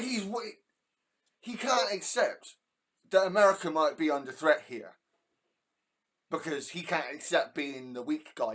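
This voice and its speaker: A man giving an angry, profane reaction commentary, stumbling over his words with rage. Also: fairly bright tone. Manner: furious, profane ranting, pitch jumping sharply. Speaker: reaction video host.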